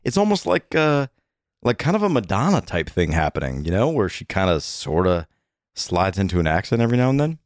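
A middle-aged man co-hosting a casual chat podcast, animated and chatty with many fillers. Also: low voice, brisk, no echo, studio quality. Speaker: podcast co-host.

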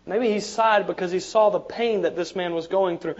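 A man's voice: high voice, fairly even intonation, brisk, hardly any pauses, a little mellow. A man preaching a sermon as pastor, conversational, repeating words and asking the congregation "amen?". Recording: dull lo-fi sermon recording.

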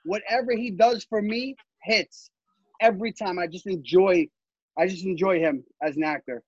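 A man co-hosting a podcast in casual, excitable chat, swearing often and laughing a lot. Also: sits high, moderate pace, breathy edge, no room sound, lo-fi sound. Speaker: podcast co-host.

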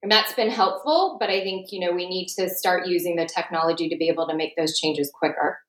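A woman's voice: on the low side, a little fast, echoey room, low-quality recording. A woman who runs restaurants explains in practical terms how her business uses data. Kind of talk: interview explanation.

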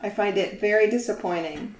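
A woman's voice: mid-range voice, brisk, reverberant. A woman on a casual podcast, speaking earnestly and disapprovingly. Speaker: podcast co-host. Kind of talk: casual discussion.

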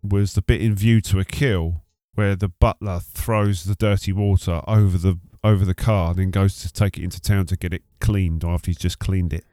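A man's voice: low voice, steady tone, moderate pace, few pauses, mellow, no room sound. A man co-hosting a casual podcast, teasing with dry humor. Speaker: podcast co-host.

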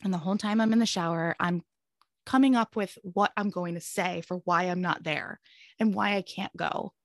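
Over a clean, dry studio recording, a fairly low-pitched woman speaks at normal speed. In her thirties and a guest on a podcast, she rambles earnestly through an open personal story, nervous laughter breaking in again and again.

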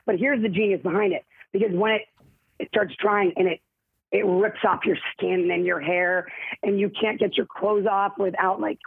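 A woman actress in a casual interview, telling stories in a rambling, self-interrupting, animated way with a husky voice. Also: mid-range voice, no echo. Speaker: actress guest. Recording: tinny phone-like line, dry.

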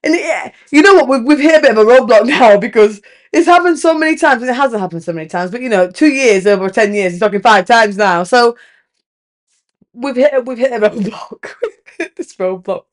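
A woman's voice: on the high side, brisk. A woman in her thirties, hosting a podcast, tells a candid, emphatic story and swears casually. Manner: animated storytelling with lively rises. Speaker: podcast host. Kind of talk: candid relationship podcast monologue.

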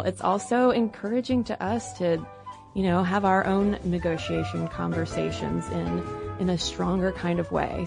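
A woman's voice: lowish voice, vocal fry. A woman podcast co-host responding to listener mail in a chatty way, with fillers and restarts. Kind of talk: casual chat reading listener mail.

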